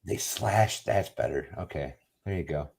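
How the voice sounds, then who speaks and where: A man's voice: rumbling low, animated, a little slow, gravelly, a little mellow, slightly rough. A man joining a live stream as a guest, giving short, laid-back reactions to the chat.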